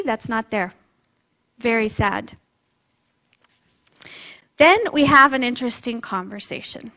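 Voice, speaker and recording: A woman preaching a sermon with a high voice. She talks in a relaxed, conversational and reflective way, with a light laugh now and then. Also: slow, long pauses.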